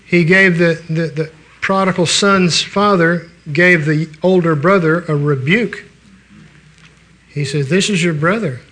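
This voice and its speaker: A man's voice: on the high side, steady tone, slow pace, a bit bright. An older man preaching a sermon in a folksy, conversational way, telling stories and restarting his sentences.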